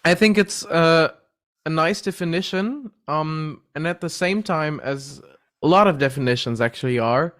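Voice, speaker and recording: A man co-presenting a livestream on vocal technique, making measured and thoughtful remarks. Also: on the high side, fairly bright tone. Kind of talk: livestream discussion.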